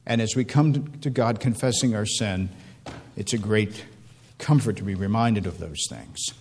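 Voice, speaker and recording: A man preaching a sermon, building emotional appeals with repeated rhetorical questions and dropping to a low, hushed tone at times. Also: normal speed, slight background noise. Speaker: pastor.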